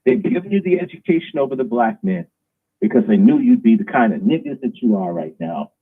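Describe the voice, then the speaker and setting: A man's voice: medium pitch, very animated, a little fast, husky. A man hosting a live stream, delivering an emphatic, preachy, provocative monologue. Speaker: host. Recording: tinny phone-like line.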